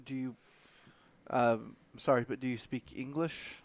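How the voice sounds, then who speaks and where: A man's voice: medium pitch, steady tone, measured pace. A man playing his character in a tabletop role-playing game, polite and a little hesitant. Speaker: player.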